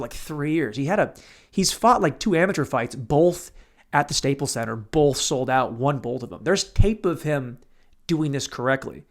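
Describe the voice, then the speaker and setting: A young man hosting a solo podcast from a room at home, rambling crudely and mocking himself, swearing freely as he talks to no one. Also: a little high. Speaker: podcast host.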